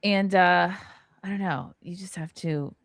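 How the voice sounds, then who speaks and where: A woman's voice: on the low side, measured pace, gravelly, dry recording, clean studio sound. A woman in her thirties, a stand-up comic hosting a podcast, talking candidly and with plenty of profanity, her voice jumping up when she gets worked up. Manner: candid and profane, voice rising sharply when upset. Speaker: host, stand-up comedian. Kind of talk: emotional podcast conversation.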